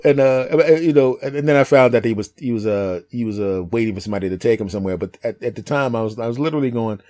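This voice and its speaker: A man's voice: mid-range voice, fast, mellow. A man as a podcast guest, telling a funny story in casual chat, laughing often and slipping into the voices of people he quotes. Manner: laughs often while talking.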